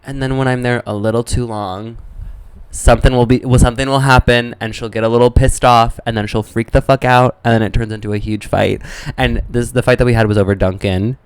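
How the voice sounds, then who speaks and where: A man co-hosting a podcast, telling animated stories in casual chat and acting out the people he quotes. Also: mid-range voice, brisk, smooth, no echo, low-quality recording. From American Midwest. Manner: animated storytelling, acts out quotes. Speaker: podcast co-host.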